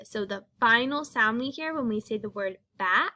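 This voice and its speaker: A woman's voice: fairly high pitch, lively intonation, moderate pace, pushed and bright. A woman teaching young children a phonics lesson, speaking patiently and sounding out each letter.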